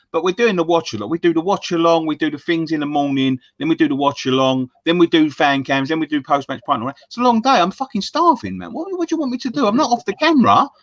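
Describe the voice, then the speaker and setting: A man's voice: fairly high pitch, fairly bright tone, no room sound, dull audio. A man with a London accent co-hosting a fan show in casual, sweary banter, laughing often. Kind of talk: casual pub-style banter.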